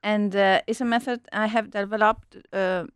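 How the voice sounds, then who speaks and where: A woman's voice: medium pitch, fairly even intonation, normal speed, clear, resonant tone, no echo, clean studio sound. A woman, a guest on a radio show, chatting effusively in hesitant English with many fillers. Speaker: guest, coach and therapist. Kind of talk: casual interview chat. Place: radio studio.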